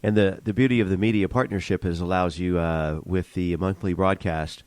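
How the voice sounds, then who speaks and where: A man's voice: sits low, fairly even intonation, moderate pace, darkish tone, no echo. A man co-hosting a business radio show, speaking casually and keeping the show moving. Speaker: radio co-host. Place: radio studio.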